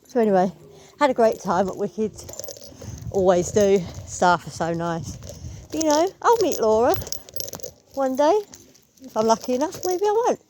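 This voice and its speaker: A woman's voice: on the high side, lively intonation, unhurried, pauses often, darkish tone, slight background noise. A woman telling a rambling, opinionated story as a theatre fan vlogger. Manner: chatty, opinionated, rambling with asides. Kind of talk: casual storytelling vlog.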